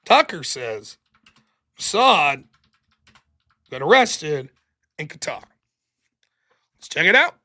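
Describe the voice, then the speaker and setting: A man hosting a live stream, reading viewer messages aloud with sarcastic, animated commentary. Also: a little high, slow pace, long pauses. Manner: sarcastic and animated, mocking repetition. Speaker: livestream host.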